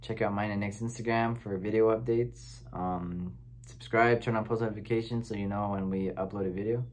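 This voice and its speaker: A man's voice: fairly low pitch, steady tone, fairly quick, a little hiss or hum. A man hosting a casual music reaction chat, talking in a laid-back, rambling way with lots of fillers. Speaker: host.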